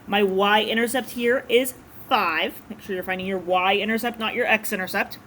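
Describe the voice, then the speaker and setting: Bright-voiced woman math teacher. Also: mid-range voice, normal speed, a little hiss or hum. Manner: casual, chatty explaining. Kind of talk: classroom lecture. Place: classroom.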